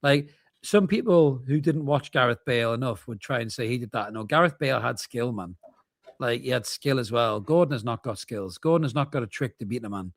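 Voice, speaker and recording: A man's voice: medium pitch, vocal fry, no room sound, studio quality. A man, co-hosting a casual football watchalong and bantering bluntly. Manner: banter-laden, joking, quick to laugh; blunt, emphatic opinions. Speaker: podcast co-host.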